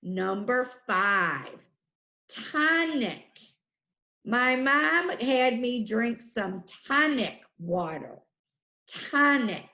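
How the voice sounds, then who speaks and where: Slow, careful woman teaching phonics. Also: a little high, lively intonation, bright, forceful tone. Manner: slow, clear, sounding out letters and syllables. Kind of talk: phonics lesson for children. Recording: echoey room.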